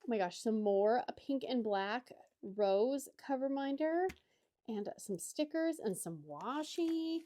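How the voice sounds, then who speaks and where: A woman's voice: a little high, animated, slow, dark tone. A married woman hosting a chatty craft-unboxing vlog from her crafting table at home, gushing and gasping over each item. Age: adult, married. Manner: gushing, gasps and exclaims often. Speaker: craft channel host.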